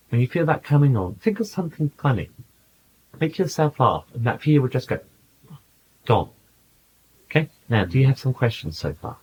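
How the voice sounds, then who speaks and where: A man in a channeling session, speaking in a calm, patient, coaching way and telling anecdotes to a small group. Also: medium pitch, moderate pace, long pauses, a little hiss or hum, low-quality recording. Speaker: channeler giving spiritual counsel. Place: small room with a group present.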